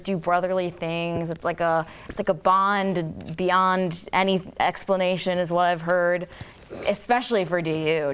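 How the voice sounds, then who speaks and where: A woman's voice: lowish voice, a bit bright, a little hiss or hum. A young woman, a college sorority member, hosting a casual chat show, giggly and self-deprecating. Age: young adult. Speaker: host.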